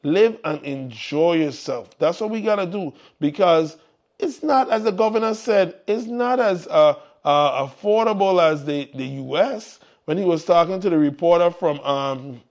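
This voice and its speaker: A man with a lilt hosts a live community show in easy, casual chat. His voice sits a little high, and he keeps repeating his encouragements to the listeners in an upbeat way. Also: a little slow. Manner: upbeat, repetitive exhortations to the audience. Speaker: morning show host.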